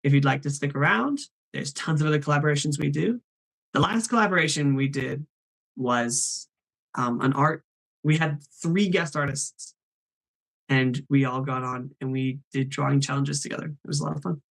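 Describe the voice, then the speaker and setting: A man's voice: a little high, normal speed, gravelly, a bit bright. A man hosting a live stream, chatting in an upbeat way and reading names from the chat.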